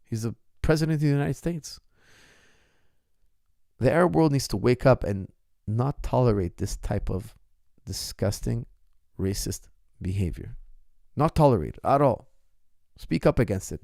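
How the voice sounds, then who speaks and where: A man's voice: medium pitch, animated, normal speed, gravelly, dark tone, dry recording, clean studio sound. A middle-aged man, a martial arts coach, talking on his own and answering viewer questions in an impassioned, emphatic way, often repeating his phrases. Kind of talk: casual solo talk answering viewer questions.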